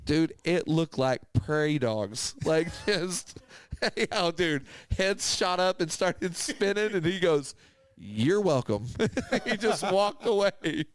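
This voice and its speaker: A man's voice: high-pitched, slow pace, clear, resonant tone, no room sound. A young man telling stories in a casual podcast chat, laughing often as he talks. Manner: laughs often, animated storyteller. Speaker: podcast co-host.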